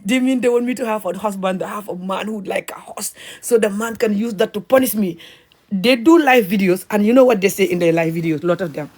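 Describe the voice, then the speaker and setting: A woman's voice: medium pitch, a little fast. Woman ranting at the camera, pushy and repetitive, hammers every point. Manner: forceful, repetitive, emphatic. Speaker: motivational speaker and comedian. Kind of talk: impassioned social media rant.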